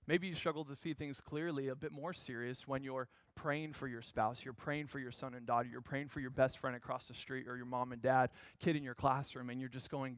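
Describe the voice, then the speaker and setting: A man in his thirties giving a storytelling sermon as a guest speaker, animated, swinging from shouts to hushed lines. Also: mid-range voice, brisk, few pauses, no room sound.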